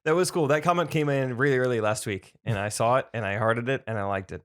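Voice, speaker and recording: Male co-host with a middle-range voice, playful banter, quick to laugh. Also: medium pitch. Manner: playful, laughs often, reads aloud with asides. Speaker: podcast co-host. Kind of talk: casual chat.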